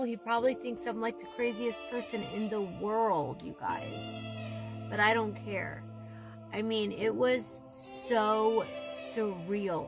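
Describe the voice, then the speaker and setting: A woman casually telling an emotional, rambling story to her viewers, often saying "you guys". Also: mid-range voice. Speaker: TikTok storyteller. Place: Southwest Florida.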